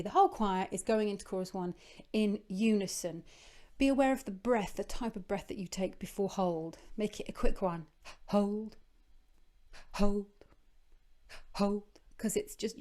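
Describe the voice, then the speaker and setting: Choir leader, mellow, chatty. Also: female voice, mid-range voice, normal speed. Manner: encouraging, chatty, breaks into singing phrases. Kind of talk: vocal coaching with sung demonstrations.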